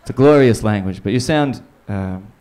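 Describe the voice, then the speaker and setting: A man's voice: on the low side, moderate pace, dark tone. A man from Canada performing a crude, rambling stand-up set in a small comedy club, slipping into silly voices for bits.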